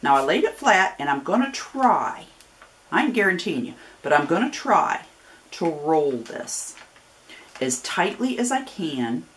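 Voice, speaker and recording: A woman's voice: on the low side, very animated, unhurried, fairly bright tone. A woman from Northern Ohio with a Northern US accent that has picked up a Southern twang, giving a chatty, folksy step-by-step craft demonstration with friendly warnings and rambling asides. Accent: Northern US with a growing Southern twang. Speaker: craft tutorial host.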